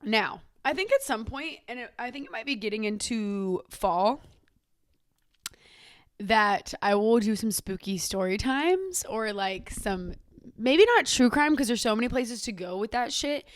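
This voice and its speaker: A woman's voice: on the high side, animated, unhurried. A young adult woman hosting her own podcast, talking casually in a sassy, chatty way and swearing freely. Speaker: podcast host. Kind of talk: casual chat.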